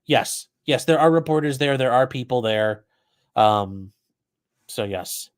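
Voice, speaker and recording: A man hosting a live commentary stream, reading chat questions aloud and answering off the cuff. His voice sits at an ordinary middle pitch, and his manner is blunt, chatty and freely profane. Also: animated, a little slow. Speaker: livestream host commenting on a trial.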